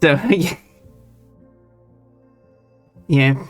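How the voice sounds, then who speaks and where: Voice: medium pitch, slow pace, dry recording. A live streamer chatting casually while drawing, musing in a rambling, self-deprecating way. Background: faint chill background music.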